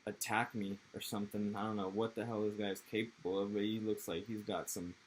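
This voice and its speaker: Laid-back young American man, low flat voice. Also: fairly quick, a little hiss or hum, low-quality recording. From Texas, USA. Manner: rambling, laid-back, profane slang. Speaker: interviewee. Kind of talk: casual interview chat.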